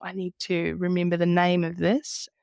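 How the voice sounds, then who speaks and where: A woman's voice: on the low side, completely flat delivery, normal speed, vocal fry, darkish tone, smooth, dry recording. Chatty New Zealand woman, dry sound. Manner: chatty, laughs easily. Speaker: podcast guest. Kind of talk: casual travel chat.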